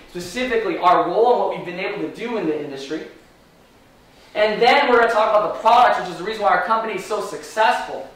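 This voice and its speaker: A man leading a live sales training, energetic and firing rhetorical questions at the room. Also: sits high. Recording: very echoey room from far off.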